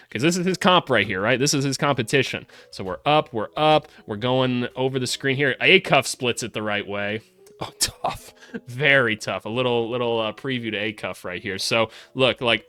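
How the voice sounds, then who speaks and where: A young man gives a casual breakdown of basketball film with an ordinary mid-pitched voice. He swears freely, talks straight to the players on screen, and gets loud and high when a play excites him. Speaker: host breaking down draft prospects.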